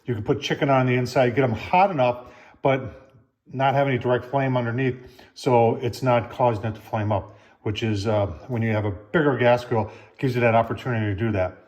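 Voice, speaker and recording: A man's voice: medium pitch, fairly quick, darkish tone. A man hosting his own channel, casually reviewing a gas grill while cooking and chatting to viewers in a folksy way.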